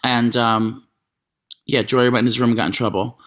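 A man co-hosting a casual chat show, telling animated stories full of fillers and quick asides. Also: mid-range voice. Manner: animated storytelling, frequent fillers. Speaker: podcast co-host.

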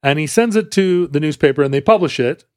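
A man tells a history story on a podcast in a loose, joking, rambling way. His voice sits a bit high. The sound is dry and close. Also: expressive, fast talker, a little mellow, no room sound. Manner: rambling, jokey, many fillers. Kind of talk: casual chat storytelling.

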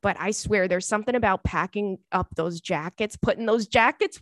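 A woman's voice: mid-range voice, moderate pace, hardly any pauses, dry recording. Chatty woman podcast host, dry close sound. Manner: chatty, animated storyteller with playful squeals. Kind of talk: casual chat.

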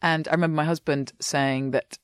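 A woman's voice: low-pitched, fairly quick, smooth, no room sound, clean studio sound. A woman, an actress chatting in an interview and acting out little quotes. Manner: chatty, animated, acts out quotes. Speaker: actress guest. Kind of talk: casual interview.

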